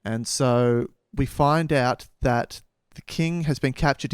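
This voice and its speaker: A man co-hosts a podcast, making up a story as he goes and dropping dry quips. His voice is smooth and resonant. The sound is close and dry. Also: medium pitch, dry recording. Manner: joking, improvising, dry quips. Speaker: podcast co-host. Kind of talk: casual chat.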